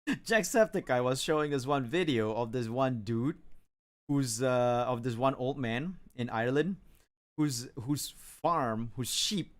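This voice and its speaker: A man's voice: medium pitch, unhurried. A man from Malaysia chatting casually on an art stream, rambling with many restarts. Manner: rambling, many restarts and fillers, chuckles often.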